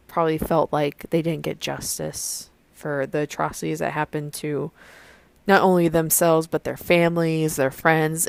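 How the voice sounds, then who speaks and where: Low gravelly young woman chatting. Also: no echo. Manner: rambling, many fillers and restarts. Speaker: podcast host. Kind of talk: casual solo podcast chat.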